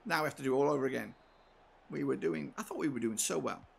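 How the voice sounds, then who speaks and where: A man commentating live on his football game, swinging from low mutters to shouted outbursts and swearing often. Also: quick pace, vocal fry, slightly rough. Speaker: gaming channel host.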